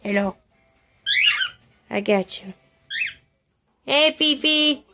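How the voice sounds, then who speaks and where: A woman's voice: high voice, very slow, loud music behind the voice. Woman baby-talking to her pet birds. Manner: coaxing baby talk with scolding to her pets. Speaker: pet owner vlogger. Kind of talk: casual home video. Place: at home with ceiling fan running. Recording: loud fan noise at home.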